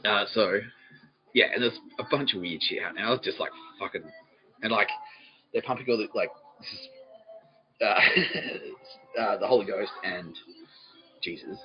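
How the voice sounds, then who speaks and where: Profane rambling Australian man, low voice. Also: moderate pace, long pauses, dull audio, over music. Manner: profane, laughing, jumps between quoted voices. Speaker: podcast host. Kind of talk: rambling comic monologue.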